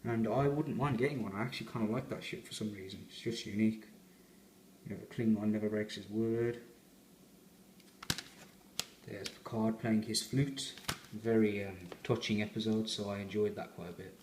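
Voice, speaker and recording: A man's voice: on the low side, steady tone, moderate pace, pauses often, a little mellow, reverberant, a little hiss or hum. A man giving a rambling, chatty fan review as he unboxes a collector's set.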